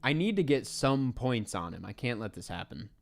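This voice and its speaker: A man hosting, thinking aloud and swearing softly as he plays a geography guessing game, into a close desk mic. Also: mid-range voice, sing-song, normal speed, creaky. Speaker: podcast host playing a geography guessing game. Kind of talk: casual gameplay commentary.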